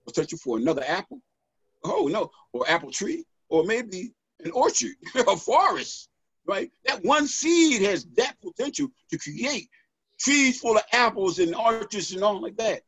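A middle-aged man talking as a podcast guest and author, animated and preacherly, checking in with "right?" as he goes. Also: high voice, a little slow, slightly rough, dry recording. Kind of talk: motivational podcast conversation. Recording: dull, dry lo-fi audio.

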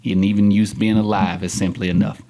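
A man's voice: fairly quick, slight background noise. A young adult man, a podcast guest, talking candidly and acting out the people he quotes in a studio interview. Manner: animated storyteller, acts out quotes with big pitch jumps.

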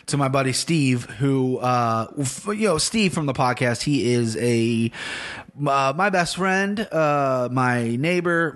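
A middle-aged man hosting a casual solo podcast, rambling and swearing, often restarting his sentences. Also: mid-range voice. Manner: rambling, profane, self-interrupting. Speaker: podcast host.

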